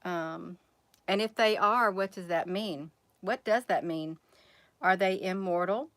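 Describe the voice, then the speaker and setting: At a measured pace, a woman with a fairly low-pitched, fairly bright voice rambles through a casual vlog she hosts. She keeps posing rhetorical questions to viewers, whom she addresses as "you all," and the audio has no echo.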